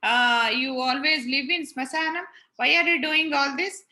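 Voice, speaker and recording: A woman's voice: high-pitched, moderate pace, sharp tone. A woman doing a rude, arrogant old sage. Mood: scornful.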